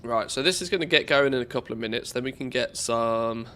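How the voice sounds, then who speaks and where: A man's voice: medium pitch, brisk, bright, forceful tone. A man with a head cold and a congested voice, chatting casually on a live game stream, rambling with many ums and restarts.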